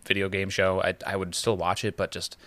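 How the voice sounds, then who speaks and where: A man's voice: deep voice, monotone, fairly quick, fairly bright tone, no room sound. A man co-hosting a podcast, chatting casually and rambling with many restarts. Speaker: podcast co-host. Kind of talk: casual chat.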